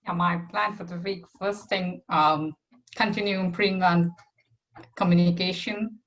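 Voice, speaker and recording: A woman whose first language is not English shares her weekly plan in a casual video call, hesitant and soft-spoken, with many fillers. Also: fairly low pitch, steady tone, a little slow, dull audio. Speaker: community member sharing weekly plan.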